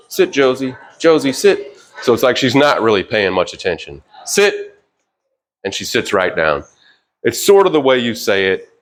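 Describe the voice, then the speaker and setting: Deep-voiced man teaching dog training. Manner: relaxed, rambling with fillers, sharp higher commands to the dog. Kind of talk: casual instructional talk. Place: indoors with a dog.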